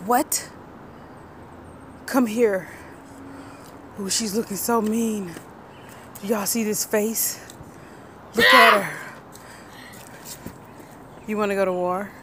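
A woman's voice: mid-range voice, slow, pauses often, noisy background. A mother filming her child outdoors for a family vlog, teasing and talking playfully to her viewers. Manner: animated, teasing, talks to viewers. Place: outdoors near woods.

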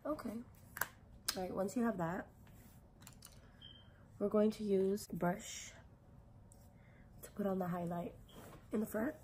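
A woman's voice: mid-range voice, measured pace, long pauses, noisy background. A young woman talking casually through a makeup tutorial in a chatty, filler-heavy way, with some swearing. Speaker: beauty vlogger.

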